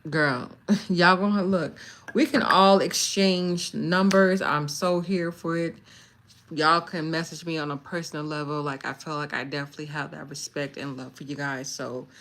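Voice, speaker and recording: A woman from California hosts a casual livestream, talking straight to her viewers in a slightly low voice. She is chatty and animated and often breaks into laughter. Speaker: livestream host. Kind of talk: casual live chat with viewers.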